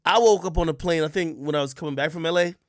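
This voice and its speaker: A man from Jamaica talking casually on his livestream, telling stories with loud outbursts and quiet mutters, and swearing a lot. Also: fairly high pitch, quick pace, smooth, dry recording, clean studio sound. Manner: animated storytelling, swings between loud outbursts and mutters; swears often. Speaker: livestream host.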